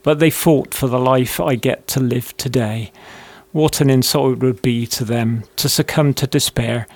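A man's voice: mid-range voice, moderate pace, dry recording. A man steadily reading news items on a podcast. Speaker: podcast co-host.

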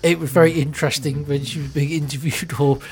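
A man's voice: on the high side, little pitch movement, quick pace. Man reminiscing on a radio chat.

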